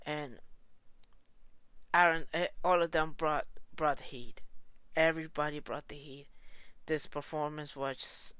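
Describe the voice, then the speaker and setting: Casual vlogger woman, low-ish smooth voice, excitable and gushing, dry close sound. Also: unhurried, long pauses, dry recording. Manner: gushing, excitable, lots of restarts and exclamations; slangy, informal. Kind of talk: casual reaction vlog.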